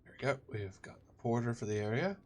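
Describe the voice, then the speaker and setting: A man casually commenting while he plays a video game, joking and reacting to what is on screen. His mid-range voice swings lively up and down. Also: mid-range voice, fast talker. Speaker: let's play gamer.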